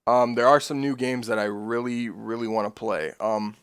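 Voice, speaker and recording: A man chatting casually on his stream, rambling and swearing freely, getting excitable as he tells stories. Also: medium pitch, moderate pace, noisy background.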